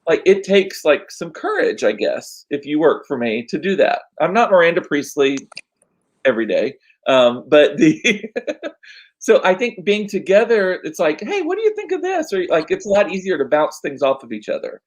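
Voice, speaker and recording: Chatty man with a slightly high voice. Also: animated, moderate pace, rough recording. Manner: chatty, rambling with frequent fillers. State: losing his voice, coughing. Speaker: podcast host. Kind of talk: casual chat.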